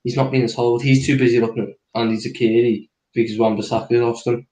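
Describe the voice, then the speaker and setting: A man's voice: medium pitch, level tone, fairly quick, dark tone. Man breaking down football tactics, echoey. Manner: explanatory, walks through positions on a drawing. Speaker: tactics analyst co-host.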